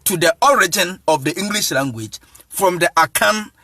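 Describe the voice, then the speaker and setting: A man's voice: high-pitched, animated, normal speed, bright, forceful tone, no echo, studio quality. A man who is an evangelist, giving an emphatic lecture-style talk, spelling out letters, laughing often and speaking straight to his listeners. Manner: addresses listeners directly.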